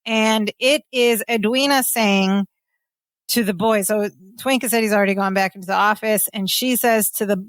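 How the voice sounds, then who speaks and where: A woman's voice: mid-range voice, fairly even intonation, moderate pace, no room sound, clean studio sound. Chatty woman recapping a sitcom. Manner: chatty storytelling with fillers like "like" and "you know". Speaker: podcast co-host. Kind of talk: casual chat recapping a sitcom episode.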